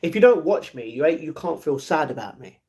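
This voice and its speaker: A man's voice: fairly high pitch, very animated, fairly quick, darkish tone. A man, livestreaming and answering chat in a downcast, blunt way. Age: 40s. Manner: downcast, blunt, reads chat messages aloud and answers them.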